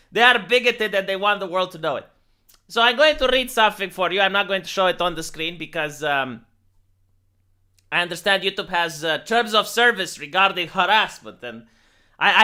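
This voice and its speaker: Sharp-voiced streamer man. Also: sits high, smooth. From Romania. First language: Romanian. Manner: rambling, sarcastic, many restarts. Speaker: live streamer. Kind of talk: casual live stream commentary.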